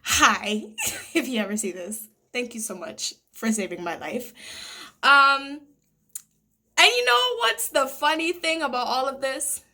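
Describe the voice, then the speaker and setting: Bright, high-voiced woman telling a story. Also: measured pace. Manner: animated, dramatic retelling with laughs. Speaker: vlogger. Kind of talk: casual storytime.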